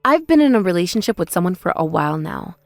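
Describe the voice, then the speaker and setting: A woman voicing a wronged older sister who answers in a measured, pointed way in a text-message story drama. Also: fairly low pitch, big pitch swings, no room sound, studio quality, soft background music. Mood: calm. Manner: measured, pointed, quietly sarcastic.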